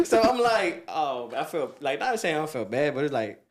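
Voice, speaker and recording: A man with a slightly high voice tells a story as a podcast guest, loose and animated. He laughs often and gets louder when he acts out what people said. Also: moderate pace, over a noisy crowd. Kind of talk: casual storytelling.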